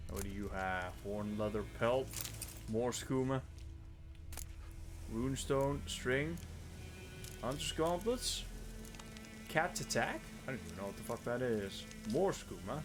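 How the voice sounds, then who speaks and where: A man's voice: mid-range voice, lively intonation, unhurried, pauses often, music in the background. A man from the Netherlands streaming a game live, joking about himself and swearing freely as he talks through his inventory. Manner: joking, self-mocking, swears often. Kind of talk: casual live gameplay commentary.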